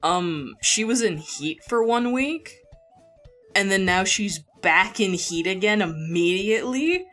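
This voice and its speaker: A woman's voice: mid-range voice, expressive, takes it slowly, fairly bright tone. A young woman streamer chatting casually into a borrowed mic at home, rambling and laughing often. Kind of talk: casual live-stream chat. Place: home room. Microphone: borrowed desk mic. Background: faint background music.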